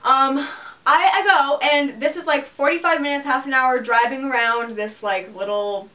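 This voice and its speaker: Young woman, podcast co-host, lively sweary storyteller, a touch high, distant mic. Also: moderate pace. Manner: animated, swearing, lots of "like". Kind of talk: casual storytelling chat.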